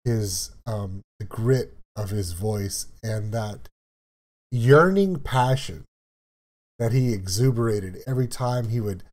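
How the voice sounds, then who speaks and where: A man's voice: fairly low pitch, takes it slowly, a little mellow. A man from South Louisiana hosting a music reaction video, talking in a reflective, emotional way that stops and restarts with fillers. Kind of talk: casual reaction commentary.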